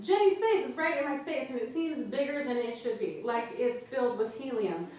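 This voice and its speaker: A woman's voice: sits high, expressive, normal speed. A woman author giving a live reading of her own wry, comic prose to an audience at a literary event. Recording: roomy live hall, mic far off, loud audience.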